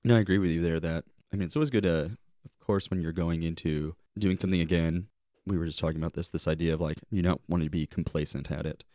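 A man's voice: sits low, fairly even intonation, fast talker, warm tone, no room sound, clean studio sound. A man co-hosting a podcast, reflecting on his summer leading camp in a rambling, heartfelt way, often restarting his sentences. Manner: rambling, self-correcting, heartfelt. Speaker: podcast co-host, camp leader. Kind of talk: casual reflective podcast chat.

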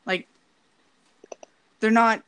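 A woman's voice: drawn-out words, a bit bright. A young woman with a Canadian accent, chatting casually, hesitant and full of "like" fillers. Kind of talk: casual chat.

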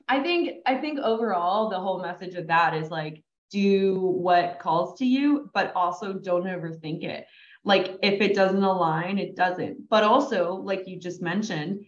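A woman hosting a podcast in casual, chatty conversation, her voice jumping up when she quotes herself. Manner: chatty and animated, jumps high when quoting herself. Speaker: podcast host. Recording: echoey, dull lo-fi sound.

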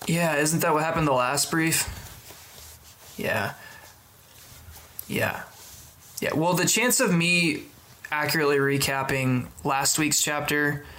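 A man's voice: on the high side, slow pace, long pauses, bright, forceful tone. A man co-hosting a casual podcast chat, hesitant and full of fillers, with dry humor. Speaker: podcast co-host.

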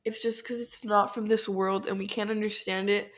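Congested young woman, excited and earnest, slangy podcast chat. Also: medium pitch, moderate pace. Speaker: podcast co-host. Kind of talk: casual faith podcast chat.

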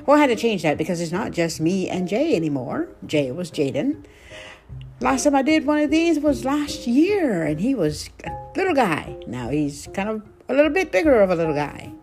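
A woman's voice: mid-range voice, big pitch swings, moderate pace, a little mellow, faint music behind. A woman hosting her own podcast, chatting casually and with animation, with frequent ums. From United States. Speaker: podcast host. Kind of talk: casual solo podcast chat.

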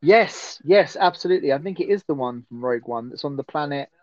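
A man's voice: fairly high pitch, lively intonation, brisk, darkish tone, lo-fi sound. A man hosting a casual, jokey watch-along chat and reading out viewer messages. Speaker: host.

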